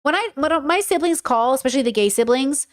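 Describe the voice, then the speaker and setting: A woman in her thirties hosts a podcast, high-pitched, expressive and fairly quick. Her casual, unscripted monologue is blunt and emphatic, swearing freely and answering chat comments.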